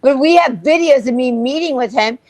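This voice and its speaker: High-voiced woman ranting in fury. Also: a little fast, no room sound, low-quality recording. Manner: furious, profane ranting. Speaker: co-host. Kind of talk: livestream commentary.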